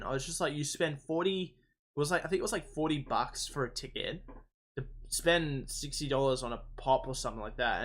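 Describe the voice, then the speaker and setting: A young man from Melbourne with an Australian accent, telling a rambling, excitable story in casual podcast chat, swearing and laughing often. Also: medium pitch. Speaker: podcast host.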